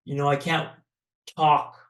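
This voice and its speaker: A man from Canada, a podcast guest, telling a personal story in a dramatic, paced way with pauses. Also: a little high, level tone, a bit bright, roomy sound.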